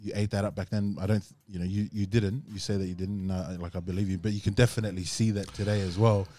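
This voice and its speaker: A man's voice: on the low side, flat delivery, quick pace, dark tone, dry recording. A man hosting a podcast, talking casually with many fillers and restarts. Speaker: podcast host. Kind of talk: casual chat.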